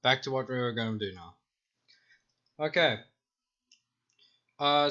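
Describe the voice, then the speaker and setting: A young man runs a tabletop game over an online call, his voice bright and forceful. He rambles loosely and cheerfully between rules and banter, and the audio comes through a little muffled and lo-fi. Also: medium pitch. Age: young adult. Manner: loose, rambling and quick to laugh. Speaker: game master.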